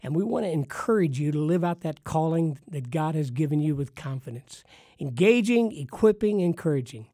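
A man's voice: on the high side, lively intonation, normal speed, warm tone, no echo, clean studio sound. A man hosting a podcast for pastors, talking in an emphatic, preacherly way with punchy repetition. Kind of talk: enthusiastic ministry podcast talk.

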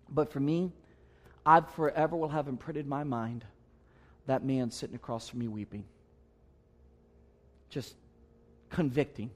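A male pastor preaching in a slightly raised, bright-edged register. He tells a personal story earnestly and conversationally, pressing his points home with emphatic asides to the congregation. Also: fairly high pitch. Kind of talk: sermon storytelling.

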